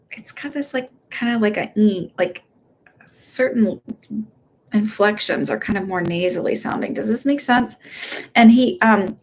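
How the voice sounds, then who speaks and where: A woman's voice: medium pitch, slightly rough. A young woman giving live psychic readings in a chatty, hesitant way, full of fillers and restarts. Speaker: psychic medium host. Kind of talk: casual live-stream reading.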